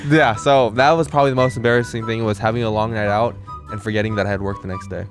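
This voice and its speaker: A young man co-hosting a podcast, telling a story in a relaxed, self-mocking way. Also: lowish voice, quick pace, loud music behind the voice. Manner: relaxed storyteller, laughs at himself. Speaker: podcast co-host. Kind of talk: casual chat.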